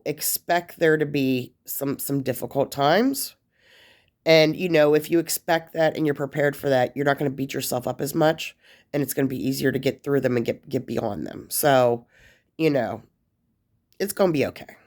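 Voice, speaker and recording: This is a woman vlogger describing life after prison, her voice low and darkish. She gives casual, rambling advice to the camera, restarting often and using many fillers, at moments emotional enough to almost cry.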